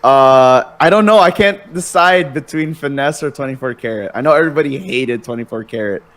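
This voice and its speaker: A man's voice: medium pitch, a little fast, fairly bright tone. A young man as a podcast guest, laid-back and easygoing, laughing often in casual chat. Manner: laid-back, laughs easily, says "dude". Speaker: guest streamer.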